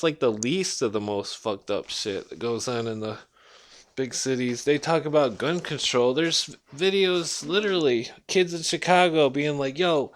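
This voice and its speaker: A man in a loose, unscripted rant, blunt and heated, with swearing in almost every sentence. His voice sits a little higher than most men's. He talks straight at the listener as a vlogger would. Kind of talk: casual rant monologue.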